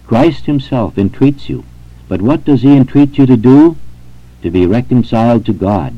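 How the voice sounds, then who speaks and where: A man giving a solemn, earnest scripted reading of a devotional meditation, measured and slowing on scripture quotes. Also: lowish voice, no echo. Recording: dull lo-fi recording.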